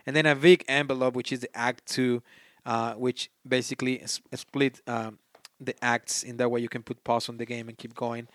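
A man's voice: mid-range voice, flat delivery, normal speed, a bit bright, dry recording. A man with a non-native English accent hosting a solo board game podcast. He chats casually and reads game text aloud, often stopping to restart a phrase. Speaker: podcast host.

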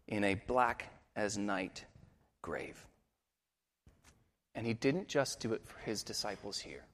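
A man pastor preaching a sermon with earnest intensity, dropping quiet and rising for emphasis. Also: mid-range voice, long reverb tail.

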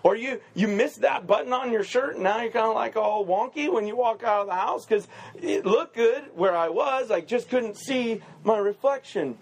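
A man with a high, light voice preaches in a relaxed, conversational way. He jokes through everyday stories and keeps checking in with the room with a quick "right?". He sounds like a pastor chatting with his congregation. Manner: chatty and joking, with quick asides and rhetorical 'right?'. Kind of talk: casual conversational sermon.

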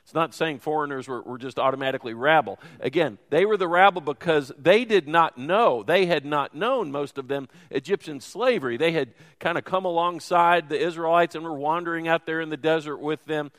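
A man's voice: on the high side, a little fast, few pauses, a bit bright, big-room sound. A man preaching a sermon as teaching pastor, in a conversational, folksy way. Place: church sanctuary.

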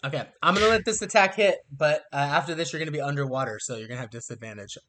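A man running a tabletop game, narrating scenes in an easygoing way with plenty of fillers. His voice sits a little high. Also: racing. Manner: relaxed, descriptive, with fillers. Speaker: game master.

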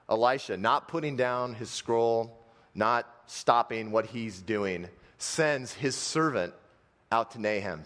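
A man preaching a sermon and retelling a story dramatically, swinging between fast, loud bursts and slow, hushed stretches. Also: mid-range voice, big-room sound.

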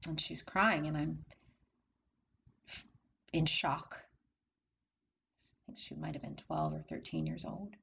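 Gravelly low-voiced woman telling her story. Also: rough recording. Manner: asks listeners rhetorical questions; candid, repetitive phrasing. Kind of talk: personal testimony monologue.

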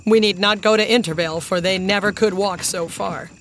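A woman's voice: medium pitch, fairly even intonation, a little fast, slight background noise, lightly acted. A woman reading a storybook voicing a plain-spoken middle-aged male baker in a matter-of-fact way.

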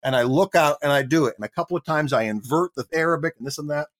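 A middle-aged Canadian man, a guest actor telling a lively anecdote in an interview and acting out the voices of the people in it. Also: fairly high pitch, fast talker. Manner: animated storyteller acting out quoted voices.

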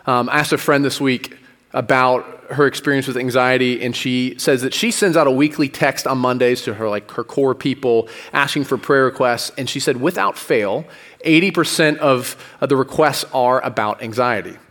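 Joking pastor in a reverberant church. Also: male voice, medium pitch, moderate pace, a bit bright. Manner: conversational, joking, with restarts. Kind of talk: sermon. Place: church sanctuary.

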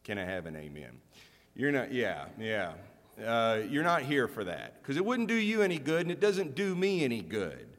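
A man's voice: mid-range voice, huge pitch swings, moderate pace, fairly bright tone, long reverb tail. A middle-aged man preaching a sermon as pastor, speaking candidly and conversationally, with self-deprecating humor and frequent restarts.

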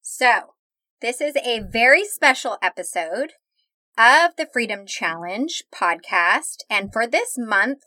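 A woman's voice: mid-range voice, bright, forceful tone, no echo. A woman hosting a podcast interview, speaking with an enthusiastic, smiling delivery. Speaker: podcast host.

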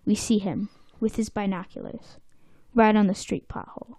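A woman's voice: mid-range voice, fairly even intonation, moderate pace, warm tone, no echo. A woman chatting casually, animatedly retelling a cartoon episode and acting out scenes with silly voices and sound effects.

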